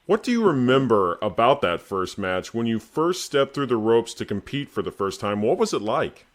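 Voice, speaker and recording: A man's voice: mid-range voice, big pitch swings, moderate pace. A man interviewing a guest, asking long, probing questions.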